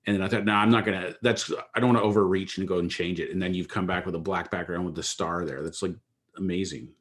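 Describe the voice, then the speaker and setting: A man with a very low, deep voice talks in a loose, rambling way, full of "uh" and "like". He chats casually with a business partner about their app project. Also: fast, a little hiss or hum. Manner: relaxed, rambling with fillers. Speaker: app co-founder. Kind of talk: casual work chat.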